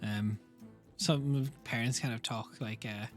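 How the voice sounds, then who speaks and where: A man's voice: mid-range voice, fairly even intonation, slow pace, soft background music. A man narrating as game master of a tabletop role-playing game, casual and chatty, with fillers and laughs.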